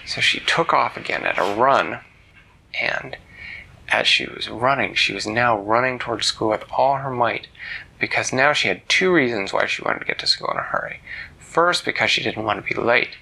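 A man telling a bedtime story to a child in a gentle, animated way. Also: mid-range voice, normal speed, creaky, slightly rough, low-quality recording.

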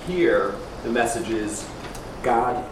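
A man in a class discussion, making a thoughtful, halting comment. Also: medium pitch. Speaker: class participant. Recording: distant, roomy, noisy.

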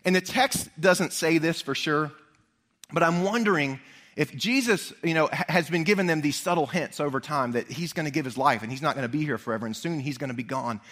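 A man preaching a sermon, an animated storyteller who speaks straight to his congregation. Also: fairly high pitch, quick pace. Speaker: pastor.

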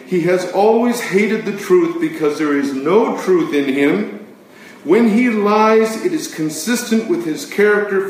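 Guy preaching a sermon, fairly high voice, big booming echo, sounds far from the mic. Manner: emphatic, wide swings from loud to hushed. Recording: very echoey room, distant mic, faint noise.

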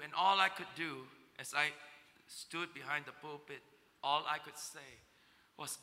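A man preaching a sermon, swinging between loud emotional declaiming and hushed, tender passages. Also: on the high side, unhurried. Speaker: pastor. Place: church auditorium. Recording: long reverb of a large hall.

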